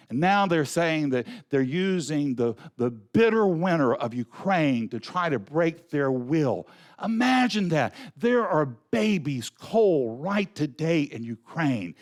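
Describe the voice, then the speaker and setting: A man with a Southern accent giving a Sunday sermon as a guest speaker, earnest and slowing right down to stress key words. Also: a little high. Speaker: guest speaker at a spiritual center.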